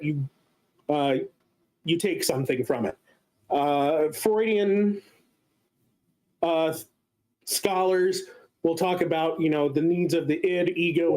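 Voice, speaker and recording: A man with a fairly high voice walks listeners through a theory in a casual lecture. He talks in a loose, explanatory way and fills his pauses with ums and uhs. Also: darkish tone, low-quality recording. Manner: explanatory, many filler sounds. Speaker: guest speaker.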